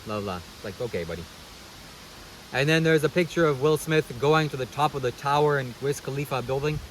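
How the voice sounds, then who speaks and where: A man's voice: on the high side, a little fast, a little hiss or hum, rough recording. A man vlogging a casual commentary monologue, sarcastic and preachy, who keeps calling the viewer "buddy" and checking "okay?".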